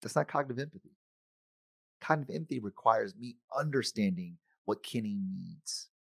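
A middle-aged man giving a conference keynote, animated and acting out the voices of friends and himself. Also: on the low side, moderate pace, gravelly, slightly rough, no room sound, clean studio sound. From United States. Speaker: conference speaker. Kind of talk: keynote talk.

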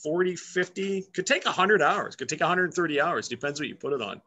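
Bright-voiced chatty man carver. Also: on the high side, fairly quick, slight background noise. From Canada. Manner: chatty and playful, laughing often. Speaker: guest woodcarver. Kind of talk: casual demonstration over a live video chat.

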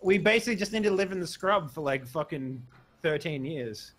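Man, high voice, swooping delivery, crude, boisterous, voice chat. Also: animated, a little fast, a bit bright. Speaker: streamer playing online poker. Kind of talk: casual gaming chat with friends.

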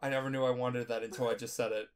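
A man's voice: medium pitch, flat delivery, racing. Drunk young male co-host, profane rambler, mid-range voice. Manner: rambling, profane, jumps into loud playacting. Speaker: podcast co-host. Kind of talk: casual podcast chat.

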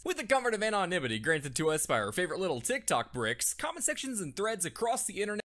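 A man's voice: sits high, wildly swooping pitch, fast talker, a bit bright. A young man narrating a scripted comedy history video, sarcastic and punchline-driven.

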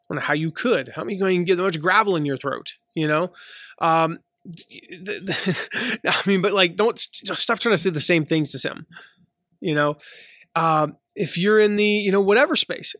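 A man in his thirties from the American South hosts a casual solo podcast, speaking with a light Southern accent in a chatty way full of fillers and restarts. His voice is high-pitched and fairly bright, at a normal speed. The recording is studio quality with no echo.

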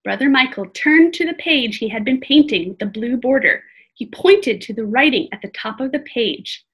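A woman reading a storybook aloud as a lesson, expressive and stopping to ask children for predictions. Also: a little high, moderate pace, dull audio.

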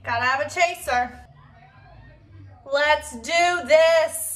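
A woman's voice: sits high, slow pace, fairly bright tone. A young woman in her twenties chatting casually to camera for her vlog, bubbly and full of "like". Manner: chatty, bubbly, says "like" a lot. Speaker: vlogger. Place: home and car.

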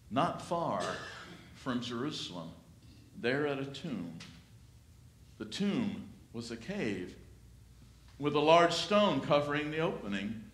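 A pastor preaching a sermon in a church, with a slow, dramatic delivery that swells and then drops to a hush. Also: male voice, on the high side. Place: church sanctuary. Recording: echoey church room.

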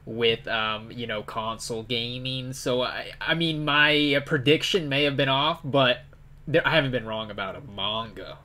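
Bright-voiced man with dry comebacks. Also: mid-range voice, normal speed. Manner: dry, defensive banter. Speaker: podcast guest. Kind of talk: casual chat.

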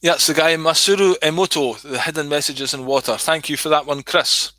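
A man's voice: fairly high pitch, a little fast, sharp tone, dry recording. A man telling a comic story and chatting, sweary and rambling. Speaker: host reading his own comedy skit.

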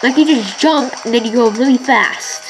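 A high-voiced woman talks through a handheld boss fight in excited, frustrated let's-play commentary. Upbeat video game music plays clearly under her voice throughout. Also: normal speed, low-quality recording. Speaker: gaming channel host.

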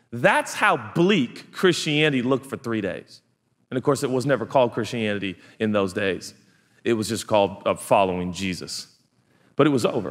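A man preaching a sermon as a pastor, telling the story in an animated way, acting out voices and swinging from hushed to loud. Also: fairly high pitch, long reverb tail.

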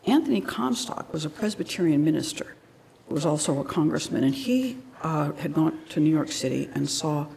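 A woman's voice: low-pitched, animated, moderate pace, vocal fry, a little mellow, slight background noise. A woman giving a public lecture, telling stories in a conversational way with frequent asides.

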